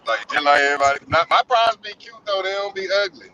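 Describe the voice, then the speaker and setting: A man with a raised, bright, tense voice protests playfully as his co-hosts tease him. He joins a casual group chat over a call. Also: high voice, expressive, quick pace, slight background noise, low-quality recording. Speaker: podcast co-host.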